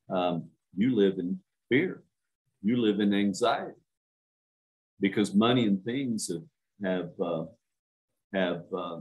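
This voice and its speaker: A man's voice: fairly low pitch, darkish tone, low-quality recording. A male minister delivering a sermon, stressing points by repeating words and putting direct questions to his listeners.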